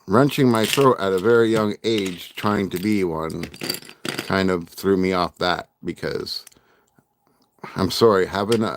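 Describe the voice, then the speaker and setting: A man's voice: low voice, a little hiss or hum. A middle-aged man hosting a casual livestream, rambling and joking with his chat and laughing often. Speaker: livestream host.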